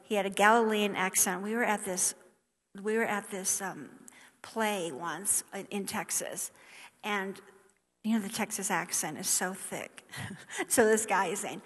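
A woman preaching a sermon, reading scripture aloud with emphatic rises and soft hushed drops. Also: mid-range voice, unhurried, long pauses. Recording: long hall reverb.

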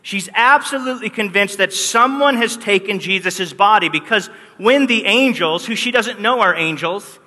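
Bright-voiced man preaching in a hall. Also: sits high, normal speed, hardly any pauses. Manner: animated storytelling, acts out quotes. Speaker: pastor. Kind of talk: sermon. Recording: long hall reverb.

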